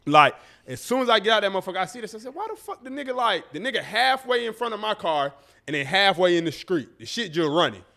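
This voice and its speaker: High-voiced man telling an animated story. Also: quick pace, creaky. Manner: animated, profane storytelling with acted-out quotes. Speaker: podcast co-host. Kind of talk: casual storytelling.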